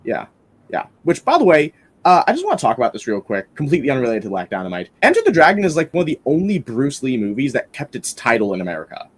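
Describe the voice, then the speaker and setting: A man's voice: mid-range voice, huge pitch swings, fast, slight background noise. A man hosting a casual film-review podcast, rambling enthusiastically with lots of fillers and restarts.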